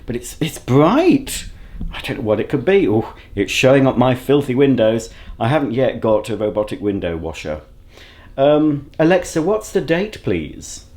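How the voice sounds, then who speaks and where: Sex: man. Style: casual home vlog, chatty and self-mocking. Pitch: middling. Mic: handheld camera at arm's length. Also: very animated, normal speed, a little mellow. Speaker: vlogger. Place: at home, indoors.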